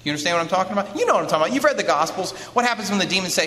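A man lecturing an audience as an author, lively, asking rhetorical questions and acting out quotes. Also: high voice, very fast. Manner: acts out quoted speech. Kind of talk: lively teaching talk with a handout. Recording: long hall reverb, faint noise.

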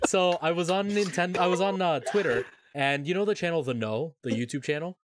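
A man's voice: fairly high pitch, brisk, noisy background. A man co-hosting a casual gaming podcast, telling stories in a chatty way with lots of fillers. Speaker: podcast co-host.

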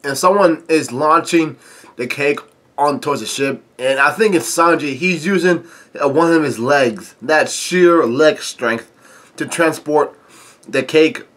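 A man recapping and commenting on a comic chapter in a casual, halting way, with lots of filler sounds and restarts, reading quoted lines mostly flat. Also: mid-range voice. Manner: halting, stop-start delivery with frequent filler sounds. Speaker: manga chapter reviewer.

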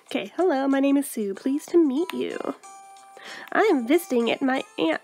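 A woman's voice: sits high, animated, moderate pace, creaky, darkish tone, soft background music. A woman voicing a cheerful young woman who loves horses, reading the game's text in an eager, chirpy way.

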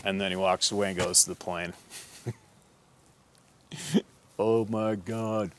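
A low-pitched man tells a story from his work as a hunting guide. He talks bluntly and swears freely, rambling from one beat to the next with plenty of fillers. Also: fairly even intonation, slow. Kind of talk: casual storytelling.

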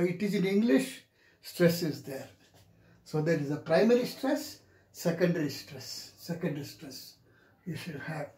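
In a classroom lecture on English pronunciation, a man repeats each example word several times, drawing it out deliberately. His voice is high-pitched with a dark tone, and the room is echoey.

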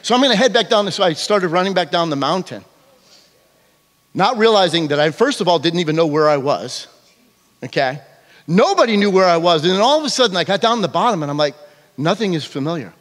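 Here is a man preaching in a church sanctuary with a fairly high voice. He tells his stories with animation and keeps checking in with the congregation. The sound trails off in a long hall reverb. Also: fairly quick. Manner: animated storytelling, frequent "okay?" check-ins. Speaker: pastor. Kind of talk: sermon.

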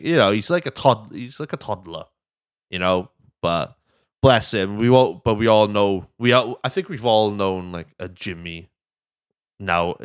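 A young man chats casually as a podcast host, rambling from one joke to the next and swearing freely. His voice sits somewhat low and sounds smooth and resonant. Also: fairly bright tone, no room sound, clean studio sound.

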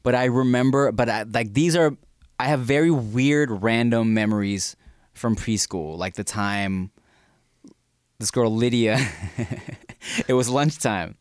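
A man in his thirties from the United States, co-hosting a podcast and telling animated, jokey childhood stories in casual chat. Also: medium pitch, a little slow, clear, resonant tone, dry recording, clean studio sound. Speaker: podcast co-host.

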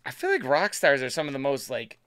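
A man's voice: medium pitch, huge pitch swings, fairly quick, fairly bright tone, clean tone. A man hosting a live card break stream, chatting casually and bantering with viewers as he opens packs. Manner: chatty, upbeat, banters with chat.

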